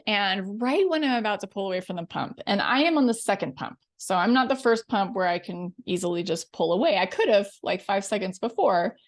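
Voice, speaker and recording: Gravelly-voiced woman telling a story. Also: mid-range voice. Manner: animated, self-deprecating, laughs often. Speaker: podcast host and life coach. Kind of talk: casual storytelling monologue.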